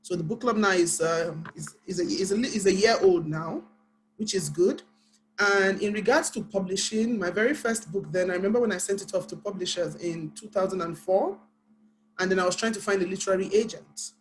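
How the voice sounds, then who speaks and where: A woman's voice: mid-range voice, rough recording. Earnest Nigerian woman author. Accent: Nigerian English. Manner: earnest, deliberately paced speech. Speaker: panel guest, author. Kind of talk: personal storytelling on a panel.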